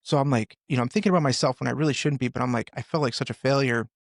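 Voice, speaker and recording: In a conversation on a podcast, a middle-aged firefighter and author earnestly tells his story, often halting and starting over. His voice is gravelly and medium-pitched, recorded close to the mic with a dry, echo-free sound.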